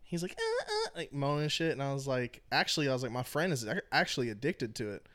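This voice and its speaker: A man's voice: medium pitch, fast talker, a bit bright. A young man hosting a podcast, telling rambling stories in casual chat, swearing freely and mimicking the people in them. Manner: loose storytelling, swears a lot, mimics people. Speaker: podcast host.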